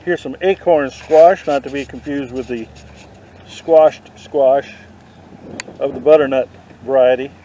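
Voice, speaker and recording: A man vlogging a walk through an outdoor garden, dropping deadpan puns as he goes. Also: mid-range voice, measured pace, lo-fi sound. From not from the South. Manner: deadpan punning asides. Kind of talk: joking walk-through commentary. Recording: faint outdoor noise.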